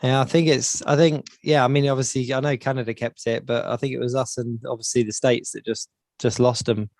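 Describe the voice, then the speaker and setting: A man's voice: medium pitch, flat delivery, fairly quick, darkish tone, no echo. A man co-hosting a casual podcast chat, rambling and repeating words as he thinks. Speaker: podcast co-host.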